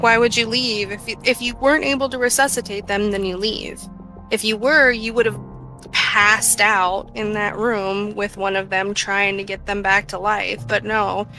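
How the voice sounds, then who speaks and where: Bright, sarcastic woman chatting about crime. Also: mid-range voice, poor audio. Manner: sarcastic, animated, acts out mocking impressions. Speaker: podcast co-host. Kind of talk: casual true-crime chat.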